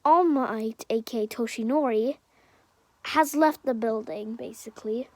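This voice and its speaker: A woman improvises a fan-fiction tale slowly, with plenty of fillers and corrections to herself. Her voice sits a bit high, and the sound is dry and close to the mic. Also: darkish tone, no echo. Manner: hesitant, many fillers and self-corrections. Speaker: storyteller.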